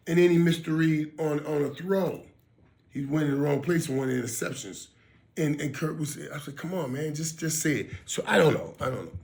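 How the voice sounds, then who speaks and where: Gravelly man, emphatic reaction chat. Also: on the low side. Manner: emphatic, repeats and restarts words, talks straight to viewers. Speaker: sports commentator reacting on his own channel. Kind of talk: casual reaction commentary.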